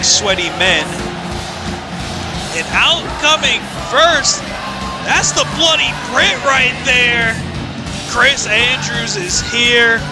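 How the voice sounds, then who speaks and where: A man from Indiana commentating on wrestling in a casual, crude style, rambling, excitable and swearing. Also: extremely high pitch. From United States, Indiana. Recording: loud music underneath.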